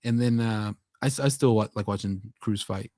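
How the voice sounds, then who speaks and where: Guy cohosting a podcast, lively and cussy, dry close mic. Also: on the low side, normal speed, no room sound. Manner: animated, swearing, does mock voices when quoting. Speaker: podcast co-host. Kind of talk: casual chat.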